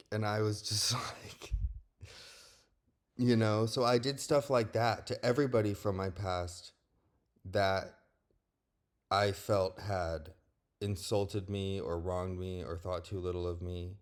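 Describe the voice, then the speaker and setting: A young man with a deep, low-pitched voice talks straight to the camera in a personal vlog. He is blunt and candid, and he swears freely. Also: flat delivery, a little slow. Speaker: vlogger. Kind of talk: personal monologue.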